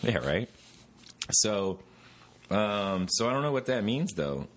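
Deep-voiced rambling podcast host. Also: male voice, very animated, slow. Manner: rambling, profane, tangent-prone storytelling. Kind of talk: casual chat.

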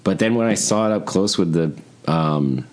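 A man with an extremely deep, low voice talks through a casual podcast chat. He rambles and swears freely, and he jumps into other people's voices as he tells a story. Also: moderate pace. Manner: profane, rambling, animated storytelling. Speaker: podcast co-host. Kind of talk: casual conversation.

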